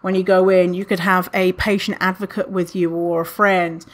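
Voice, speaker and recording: A woman's voice: on the low side, normal speed. Chatty candid podcast host, woman. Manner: candid, chatty, frequent fillers, animated when retelling. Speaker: podcast host answering listener questions. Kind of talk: casual podcast monologue.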